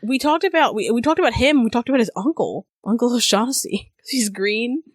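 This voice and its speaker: A young woman co-hosts a podcast, chatting casually, laughing often and swearing freely. Her voice is a little high with lively intonation, her pace is brisk, and the recording is dry.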